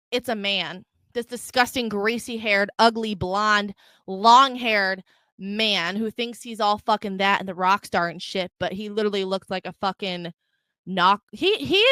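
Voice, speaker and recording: A young woman hosting her own podcast, telling a story in a profane, animated rant and mocking the people in it. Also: mid-range voice, no echo. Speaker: podcast host. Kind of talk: unfiltered solo podcast rant.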